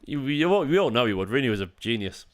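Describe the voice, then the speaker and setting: A tired man in his thirties, yawning now and then, talks his way through a live football match for his fan channel. His voice is smooth and clear, and he sits at a middle pitch for a man. His talk is casual, and he answers viewers' messages as the game goes on. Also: sing-song, quick pace. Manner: chatty, reacting to the match and reading chat messages. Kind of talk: live football watchalong chat.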